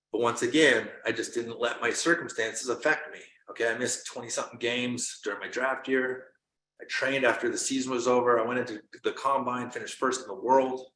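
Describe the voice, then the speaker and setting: A middle-aged man tells a motivational story in an intense, driving way. His voice sits at a middle pitch. The room around him rings with a noticeable echo. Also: pushed and bright. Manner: intense, driving delivery with bursts of emphasis and occasional swearing. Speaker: peak performance coach, former pro hockey player. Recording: roomy echo.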